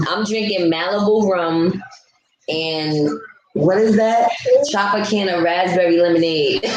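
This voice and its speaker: A woman's voice: low-pitched, a little mellow. A woman chatting casually with her viewers on a live stream, blunt and ranting, answering comments as she goes. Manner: blunt, ranting, talks back to chat. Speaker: vlogger. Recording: echoey room with faint background hum.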